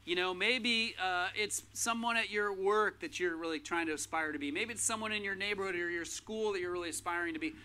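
A man's voice: high-pitched, a little fast, hardly any pauses, sharp tone, smooth. A man preaching a sermon in a casual, conversational way, with lots of fillers and restarts. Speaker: pastor.

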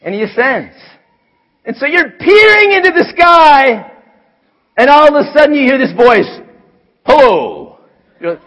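A man preaching a sermon as pastor, animated, moving from hushed asides to shouts. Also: extremely high pitch, moderate pace, long pauses. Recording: long hall reverb.

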